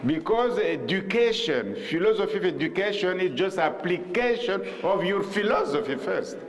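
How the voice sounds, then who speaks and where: Slow, halting man lecturing in a hall. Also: high-pitched. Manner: halting, repetitive, with many pauses and rhetorical questions. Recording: reverberant hall, faint noise.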